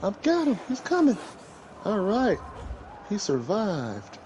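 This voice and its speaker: A man's voice: high-pitched, wildly swooping pitch, takes it slowly, a little mellow, lo-fi sound. A man co-hosting a gaming podcast, talking casually and bluntly while playing, sometimes mimicking others. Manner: laid-back, blunt, mimics others mockingly.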